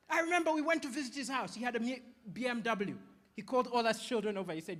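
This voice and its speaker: A man from Malawi doing stand-up comedy, telling stories with animated, punchy delivery. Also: very high voice, fast, big-room sound.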